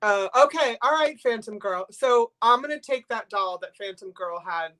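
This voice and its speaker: A woman's voice: mid-range voice, animated, moderate pace, fairly bright tone. Sniffly, gushing older woman host. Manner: rambling, gushing, emotional. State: sniffly from crying. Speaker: livestream host. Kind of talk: casual live-stream chat.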